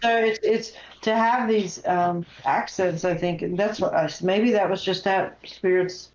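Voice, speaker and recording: A woman's voice: mid-range voice, unhurried. An American woman, a guest paranormal investigator, telling stories in casual chat and acting out the voices she heard. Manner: animated storyteller, acts out voices. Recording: echoey, dull lo-fi sound.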